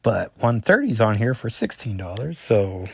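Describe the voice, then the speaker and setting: A man's voice: on the low side, sing-song, normal speed, gravelly, breathy edge, dry recording. A man casually talking through a comic book issue as a reviewer, rambling and correcting himself often with lots of fillers.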